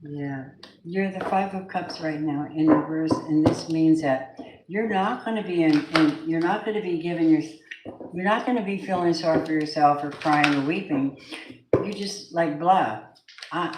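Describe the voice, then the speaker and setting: A woman's voice: sits low, moderate pace, echoey room, noisy background. A woman doing a live tarot reading, gushing over her viewers and swearing now and then. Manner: effusive, gushing address to viewers, occasional swearing. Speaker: tarot reader.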